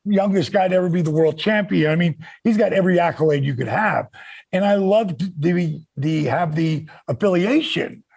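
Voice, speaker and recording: A man with a gravelly, raspy voice telling stories in a casual chat and acting out what others said. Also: high voice, normal speed. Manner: animated, acts out quoted voices, many restarts. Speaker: guest. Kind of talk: casual storytelling.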